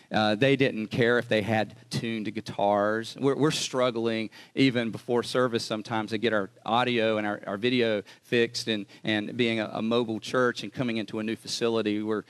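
A man preaching a sermon, telling a story in a chatty, animated way and acting out the people in it. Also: lowish voice. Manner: animated, chatty, laughs and acts out quotes. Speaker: pastor.

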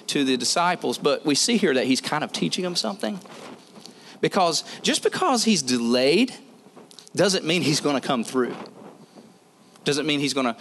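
A man's voice: medium pitch, a bit bright, a little hiss or hum. Conversational man preaching a sermon. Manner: conversational, repeats phrases for emphasis.

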